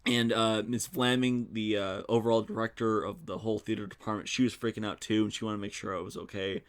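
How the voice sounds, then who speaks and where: A young man hosting a solo podcast, telling stories in a casual, animated way with some swearing. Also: lowish voice, a little fast. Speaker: podcast host. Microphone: studio mic.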